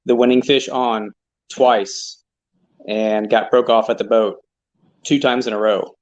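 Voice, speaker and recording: A man's voice: mid-range voice, fairly even intonation, measured pace. A man being interviewed after a loss, talking in a subdued, shaken way. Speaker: interviewed angler. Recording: dull lo-fi audio.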